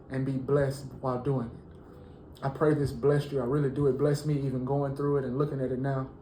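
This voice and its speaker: A man teaching a Bible lesson, reading verses slowly and then preaching with rising fervor. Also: medium pitch, dark tone, echoey room, a little hiss or hum, low-quality recording.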